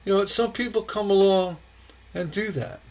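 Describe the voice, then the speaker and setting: A man's voice: sits high, normal speed, vocal fry, darkish tone, poor audio. A man hosting a casual stained glass livestream, rambling and chuckling as he reacts to viewers' posts, often stammering and repeating words.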